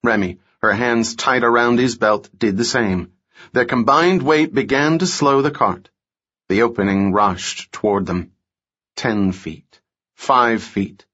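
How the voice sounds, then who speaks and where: A man reads a thriller aloud in a steady, measured way, as an audiobook narrator. His voice sits at a middling pitch, and the recording is dull and lo-fi. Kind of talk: scripted narration.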